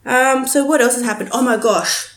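A woman talks through her recent weeks on her own podcast in a loose, rambling way. She swears freely and leans on fillers as she goes. The room around her gives her voice a clear echo. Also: on the high side, moderate pace, a bit bright. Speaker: podcast host. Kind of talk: casual solo podcast chat.

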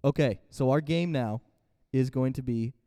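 A man's voice: mid-range voice, moderate pace, long reverb tail, crowd noise. Stuffy-nosed young guy joking around. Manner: joking, runs the game. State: stuffed-up nose. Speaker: podcast co-host. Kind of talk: casual chat.

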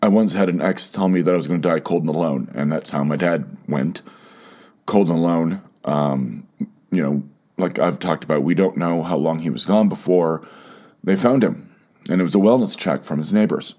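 A man hosts a personal solo podcast, speaking haltingly with many restarts and repeated words. He's emotional and close to tears, his voice sitting low with a dark tone.

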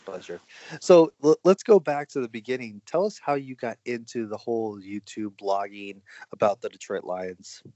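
A man's voice: lowish voice, warm tone, no room sound, lo-fi sound. A man hosting a sports podcast, chatting casually and stumbling over words as he starts sentences. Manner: halting, repeats words when starting a sentence. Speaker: podcast host.

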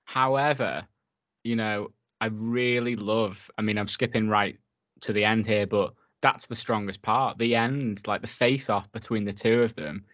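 A man co-hosting a casual film review podcast, talking in a relaxed way and laughing often. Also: lowish voice, a little slow, dry recording, lo-fi sound. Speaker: podcast co-host.

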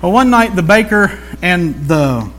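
A man's voice: high voice, animated, a little slow, a bit bright. A man preaching a sermon in a loose, conversational storytelling way, with jokey asides and slang.

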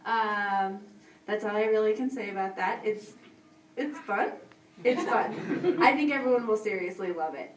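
A woman's voice: mid-range voice, normal speed, slight background noise. Nervous, giggly young woman in an echoey hall. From Texas. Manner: giggly, nervous, rambling with fillers. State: out of breath. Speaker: voice actress on a convention panel. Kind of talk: casual panel Q&A. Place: convention panel room. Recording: echoey room, from far off.

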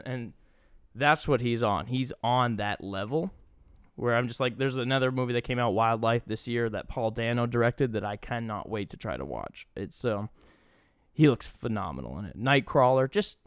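A man's voice: medium pitch, expressive, moderate pace, clean tone, dry recording, studio quality. A young man co-hosting a podcast, chatting casually with enthusiasm and swearing freely. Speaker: podcast co-host. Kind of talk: casual chat.

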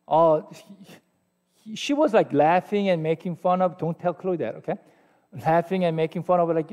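Korean-accented male pastor, high voice. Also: moderate pace, pauses often, a little mellow. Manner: conversational, self-deprecating, asks the audience questions. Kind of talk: sermon. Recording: long hall reverb.

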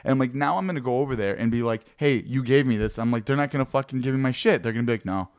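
His voice is medium in pitch, clear and resonant, a little mellow, and delivered very fast. The young man co-hosts a podcast, rambling through stories and swearing heavily in relaxed, profane conversation.

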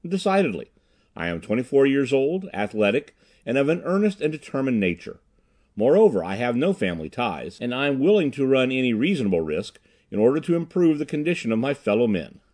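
Guy doing an earnest determined young guy, guarded, lively delivery. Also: mid-range voice, a little fast. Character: earnest, determined young man of twenty-four.

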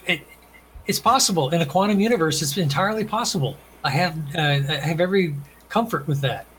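A man's voice: on the high side, animated, a little fast, a bit bright, a little hiss or hum, rough recording. Earnest man preaching love and utopia. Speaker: author and guest. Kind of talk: casual podcast conversation.

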